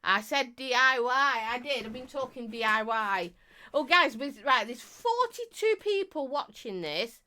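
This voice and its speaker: A woman's voice: fairly high pitch, animated, unhurried, sharp tone. A middle-aged woman, chatting on a live stream as she reads out viewer comments, teasing and talking non-stop with bursts of laughter. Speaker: vape reviewer and live streamer.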